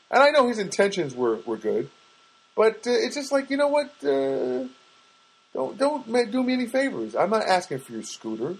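A man's voice: sits high, sing-song, a little fast, creaky, poor audio. A man telling a rambling, self-mocking comic monologue, full of restarts and asides.

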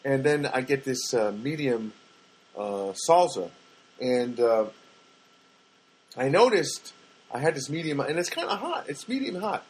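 An older man talks through a casual solo podcast in a husky voice. He tells everyday anecdotes in a rambling way and often stops to correct himself. He adds wry asides as he goes. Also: mid-range voice, big pitch swings, a little slow, long pauses. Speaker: podcast host.

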